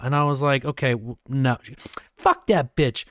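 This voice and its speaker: A man co-hosting a podcast. He recounts a night out in a relaxed, casual way, swears freely and jumps higher when he acts out quotes. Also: normal speed, dry recording, clean studio sound. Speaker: podcast co-host. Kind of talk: casual storytelling chat.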